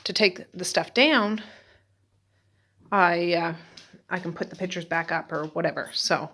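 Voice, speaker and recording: A woman with a slightly low voice talks easily to the camera from her home. She narrates her housework in a chatty, running commentary, as if talking to herself. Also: measured pace, a bit bright. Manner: chatty, talking to herself while doing chores. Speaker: vlogger. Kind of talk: casual vlog narration. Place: at home indoors.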